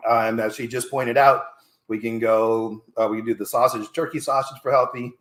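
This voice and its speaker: A man's voice: medium pitch, steady tone, fairly quick, fairly bright tone, echoey room. A man hosting a casual cooking segment as a fitness coach, chatty and upbeat, thinking aloud with fillers. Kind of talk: casual cooking show chat.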